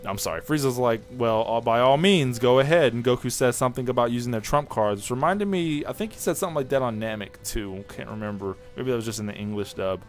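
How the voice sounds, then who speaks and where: A man giving a casual spoken review of an anime episode, rambling and excitable, often restarting and correcting himself. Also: medium pitch, fast talker, few pauses, faint music behind.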